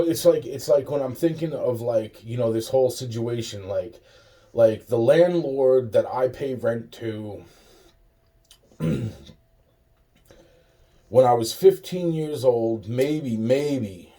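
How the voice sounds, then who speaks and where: A man's voice: medium pitch, expressive, a little slow, warm tone. A young man rambling to camera in a profane, laughing monologue full of restarts. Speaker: vlogger.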